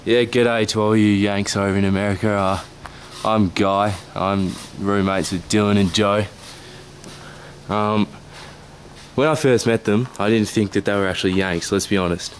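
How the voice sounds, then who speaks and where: A man's voice: lowish voice, fairly even intonation, normal speed, a little hiss or hum. A man, rambling in laid-back, hesitant casual chat as a roommate giving a testimonial.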